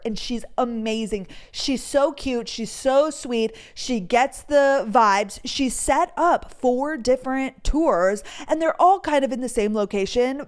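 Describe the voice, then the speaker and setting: A young woman, hosting a podcast and chatting casually through a rambling storytime. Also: fairly high pitch. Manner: bubbly, chatty, rambling with lots of "like". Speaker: podcast host.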